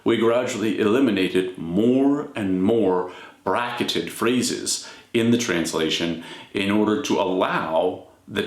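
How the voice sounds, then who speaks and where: A man giving a measured, explanatory lecture as a scholar of religion, often checking in with "all right?". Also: sits low. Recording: echoey room.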